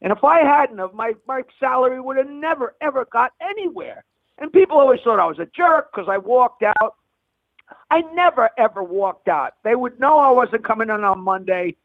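Man, very high voice, blunt rambling comic storyteller, tinny phone line. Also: expressive, moderate pace, no room sound. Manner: blunt, rambling with frequent restarts. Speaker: comedian guest. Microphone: telephone.

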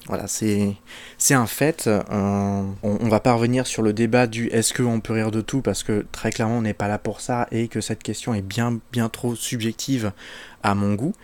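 A man introducing a comedian in a casual, hesitant commentary with many pauses and restarts. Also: on the low side, fairly even intonation, a little mellow. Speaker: video presenter.

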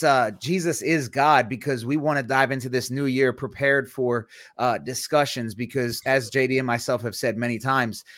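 A young man hosting a casual Christian podcast, joking and animated, with preachy asides. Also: medium pitch, no room sound, studio quality. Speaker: podcast host. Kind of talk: casual chat.

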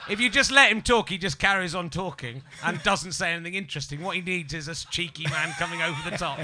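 Bright, slightly high English man, cheeky chat host. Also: fast talker, a little hiss or hum. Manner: cheeky, sweary, laughs often. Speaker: podcast host. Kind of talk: casual chat.

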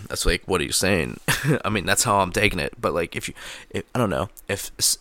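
A man's voice: deep voice, big pitch swings, moderate pace, pushed and bright, no echo. A man vlogging into a close mic, rambling in casual, profane commentary full of fillers. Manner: profane, filler-heavy, laughs at own jokes. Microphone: close microphone.

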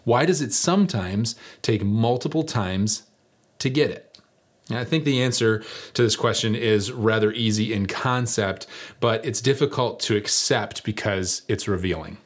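A man's voice: fairly low pitch, normal speed. A middle-aged man preaching a sermon, telling a story in a conversational, self-deprecating way.

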